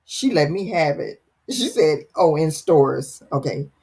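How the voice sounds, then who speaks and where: Her voice sits low, dark in tone with a breathy edge, and she speaks expressively and unhurriedly. As host of a casual livestream chat, she reads out viewer comments playfully, teasing and dramatizing them.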